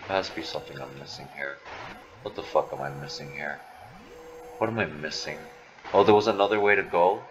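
A man's voice: extremely low pitch, a little fast, pauses often, background noise. A man giving gameplay commentary, frustrated and swearing, often muttering to himself. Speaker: gamer.

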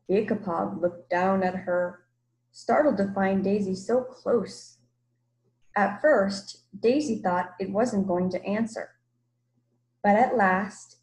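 A woman from Massachusetts, a teacher, reading a children's book aloud in a measured storytelling way. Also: medium pitch, darkish tone, rough recording. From Massachusetts, USA. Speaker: teacher, guest reader.

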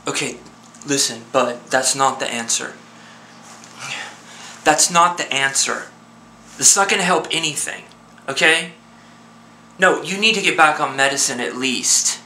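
Worried male friend on the phone, played by a man: earnest, coaxing, insistent, with a bright, forceful voice. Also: medium pitch, unhurried, pauses often, a little hiss or hum. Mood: pleading. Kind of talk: one-sided phone call drama.

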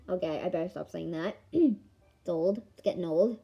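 A woman giving casual commentary on a board game she is playing, excitable, with melodramatic outbursts and playful taunting of her opponent. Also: lowish voice, moderate pace, creaky, slightly rough, highs cut off. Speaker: gamer filming a board game. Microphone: camera mic.

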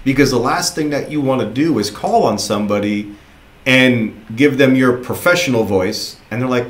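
A man's voice: medium pitch, moderate pace. Man coaching recruits in a roomy space. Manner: casual, encouraging, repeats himself. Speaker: sales recruiter trainer. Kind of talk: motivational training talk.

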